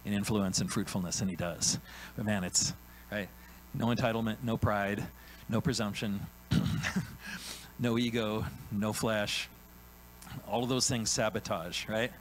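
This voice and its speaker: Animated preacher man asking "right?". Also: on the low side, a little slow, slight background noise, low-quality recording. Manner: animated, acts out God's voice in quotes, frequent "right?" tags. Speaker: pastor. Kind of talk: sermon. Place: church sanctuary.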